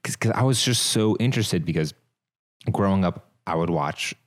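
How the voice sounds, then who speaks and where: A man's voice: low voice, lively intonation, moderate pace. A man in his twenties hosting a casual interview, curious and easygoing, with slang and restarts. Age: 20s. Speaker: podcast host.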